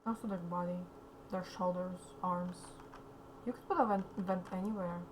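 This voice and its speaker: A woman streamer talks softly as she draws, rambling and repeating okay to fill the pauses. Her throat is slightly sore, and steady noise sits clearly behind her voice. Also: lowish voice, low-quality recording. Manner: quiet, rambling, says okay a lot. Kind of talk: casual commentary while drawing.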